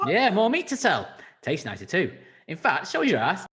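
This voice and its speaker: A man voicing a gruff, crude male farmer with a put-on rural accent in an improvised comedy scene. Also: high voice, huge pitch swings, normal speed, fairly bright tone, voice pushed up, exaggerated voice. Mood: callous. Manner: blunt, sweary, offhand.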